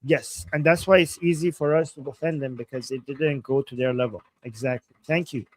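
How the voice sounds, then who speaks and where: A man's voice: mid-range voice, brisk. A man from Iran co-hosting a live stream, reading viewer messages aloud in a chatty, easygoing way and laughing easily. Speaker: livestream co-host. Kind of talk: casual live-stream chat.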